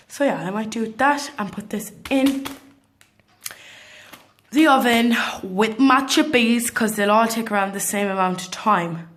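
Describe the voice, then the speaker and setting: A woman's voice: on the high side, measured pace, a bit bright. A woman chatting casually in a daily vlog, upbeat and dropping to whispers at times. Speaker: vlogger.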